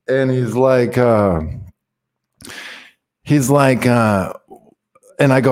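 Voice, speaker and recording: A man's voice: medium pitch, unhurried, darkish tone, smooth. A man, a guest, rambling through a casual story and acting out the quoted dialogue. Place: in Mexico.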